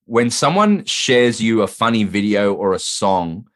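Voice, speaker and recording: A man from Australia, a comedian guest in a casual chat, with a fairly low voice. He talks earnestly but haltingly and keeps repeating his words. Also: big pitch swings, a bit bright.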